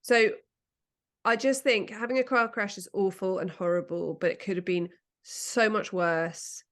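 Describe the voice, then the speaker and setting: A middle-aged English woman with a British accent, co-hosting a podcast in casual chat and telling lively anecdotes with laughter and the odd swear word. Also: mid-range voice, unhurried. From England. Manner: animated storytelling, laughs and swears freely. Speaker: podcast co-host.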